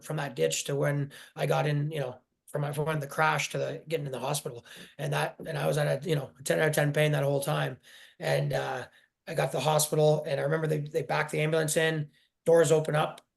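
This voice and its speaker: A man in his forties telling his personal story in an interview, halting and emotional, often restarting his sentences. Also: a little high, little pitch movement, vocal fry. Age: 40s. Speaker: guest.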